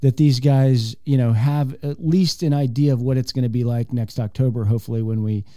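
A man's voice: medium pitch, steady tone, fairly quick, warm tone, no echo, studio quality. A middle-aged man, a guest and events director with a radio background, telling stories in an upbeat way. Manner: upbeat storytelling, former radio voice. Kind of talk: casual interview.

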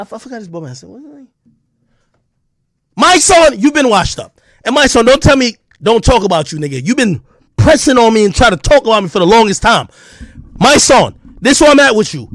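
A man with a podcast delivering an aggressive, profane callout, taunting and often shouting. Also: extremely high pitch, no room sound, studio quality. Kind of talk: heated callout rant to camera.

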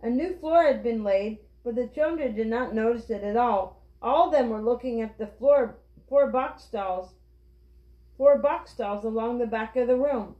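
A woman reading a children's book aloud with clear, steady storytelling. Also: on the high side, moderate pace. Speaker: reader. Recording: roomy, dull lo-fi.

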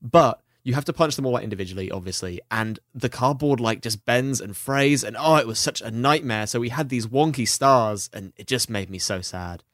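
A man co-hosting a podcast, telling stories quickly and with animation. His voice is recorded dry and close. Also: mid-range voice, a bit bright, dry recording. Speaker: podcast co-host. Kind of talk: casual podcast chat.

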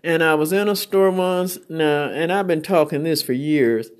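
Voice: medium pitch, moderate pace. A preacher, giving a conversational sermon and acting out both sides of a dialogue. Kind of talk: sermon with storytelling.

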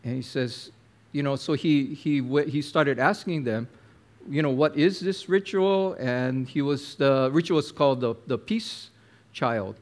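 A man preaching a sermon, telling a story with lively acted-out quotes and talking to the listener directly. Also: mid-range voice, a little slow. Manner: animated storyteller, acts out quotes, addresses listener as my friend.

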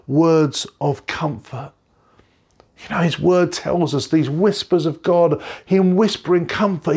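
A middle-aged man, a pastor, giving an earnest, heartfelt sermon from a bedroom at home, slowing down on key phrases. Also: a little high, creaky, a little mellow, husky. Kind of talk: recorded sermon.

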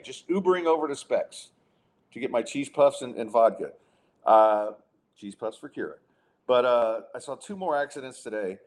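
A man hosting a casual podcast, ranting in an exasperated way with frequent restarts. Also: mid-range voice. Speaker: podcast host. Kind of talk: casual chat and rant.

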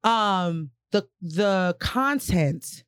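A woman in her forties talks in an animated, emphatic way, swearing freely as she chats on a podcast. The sound is dry and close, with no room around it. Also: lowish voice, extremely slow, clean tone, no echo. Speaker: podcast co-host. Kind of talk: casual chat.

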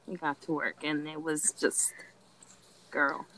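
A woman's voice: low-pitched, flat delivery, slow pace, sharp tone, no echo, rough recording. A young woman telling a candid story in casual chat, dramatic and laughing often. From Latin American heritage.

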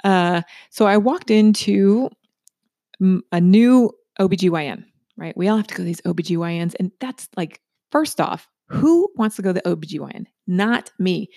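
A woman's voice: on the low side, lively intonation, normal speed, mellow, no echo, clean studio sound. A middle-aged woman telling a personal story in a chatty monologue to listeners, often checking in with "right?".

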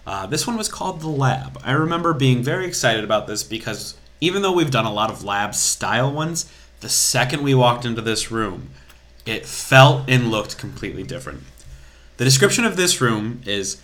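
A man's voice: medium pitch, very animated, moderate pace, a bit bright. Chatty man recapping a trip on a podcast. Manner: chatty, explains things at length with small restarts. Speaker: podcast co-host. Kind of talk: casual podcast chat.

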